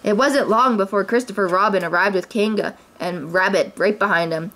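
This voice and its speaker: A mother reading a children's storybook aloud with clear, expressive narration. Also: medium pitch, moderate pace.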